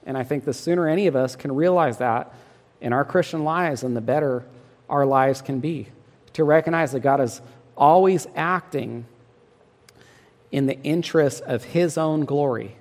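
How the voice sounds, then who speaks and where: A man's voice: fairly high pitch, normal speed, a little mellow, in a large hall. A man preaching a sermon in an earnest, emphatic way, often asking his listeners rhetorical questions. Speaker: pastor.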